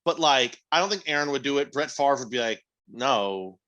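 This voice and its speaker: A man's voice: mid-range voice, quick pace, highs cut off. Rambling casual man, podcast co-host. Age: 30s. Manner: rambling, animated, acts out quotes in voices. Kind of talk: casual chat.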